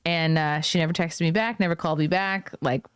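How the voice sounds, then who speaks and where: A woman's voice: sits low, fairly even intonation, fairly quick, smooth, no room sound, clean studio sound. A woman hosting a podcast, chatting casually and firing off curious questions. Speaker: podcast host.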